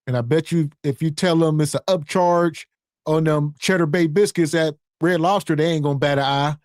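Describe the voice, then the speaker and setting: A man hosts a podcast and reacts to clips in a laid-back, exasperated way. His voice sits a little high for a man, and the sound is close and dry. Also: normal speed, a little mellow, dry recording. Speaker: podcast host. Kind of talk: casual commentary.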